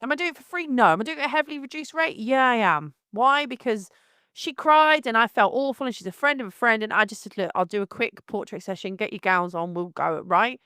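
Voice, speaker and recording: A woman's voice: fairly high pitch, brisk, sharp tone, smooth, dry recording, clean studio sound. A woman hosting a solo podcast, ranting in a blunt, fired-up and sweary way. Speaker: podcast host and wedding photographer.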